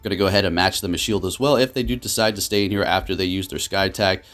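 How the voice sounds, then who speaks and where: With a deep voice, a man hosts his gaming channel and gives excitable live commentary on his games. He veers quickly between frustration and laughter.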